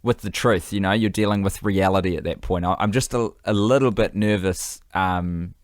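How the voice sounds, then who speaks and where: A man's voice: deep voice, normal speed, no echo, studio quality. A man co-hosting a comedy podcast, talking in a mock-earnest, teasingly concerned way. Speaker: podcast co-host. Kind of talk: casual comedic chat.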